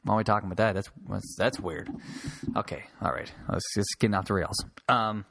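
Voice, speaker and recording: A man hosts a solo podcast, rambling casually, restarting sentences and swearing freely into a handheld mic held close. His voice is on the low side and gravelly, fairly quick, with a fairly bright tone.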